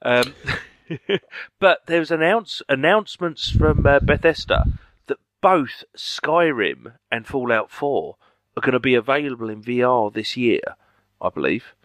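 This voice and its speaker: A man's voice: medium pitch, lively intonation, measured pace, fairly bright tone, no room sound. A man co-hosting a podcast, chatting enthusiastically about video games and swearing freely. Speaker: podcast co-host. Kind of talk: casual chat.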